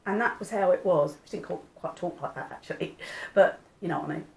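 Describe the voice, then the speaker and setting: A woman's voice: on the low side, fairly quick, gravelly, a little mellow, low-quality recording. Chatty grandmother vlogging. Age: older. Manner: chatty, homely, rambling. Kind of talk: casual chat.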